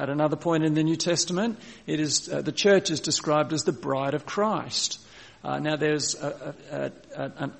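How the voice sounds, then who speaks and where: A man preaching a sermon as pastor, reading scripture slowly and explaining it with frequent restarts. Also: on the high side, gravelly, husky. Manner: slows down to read scripture, restarts phrases.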